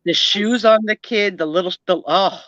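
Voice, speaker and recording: In dull lo-fi stream audio with no room sound, a middle-aged woman with a New Jersey accent laughs often while chatting animatedly as a guest. Her mid-range voice is a bit bright and moves at normal speed.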